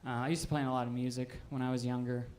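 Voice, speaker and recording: A man in his twenties doing a stand-up set, with an offhand, deadpan delivery full of "um"s. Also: medium pitch, racing. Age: 20s. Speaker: stand-up comedian. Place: live comedy stage.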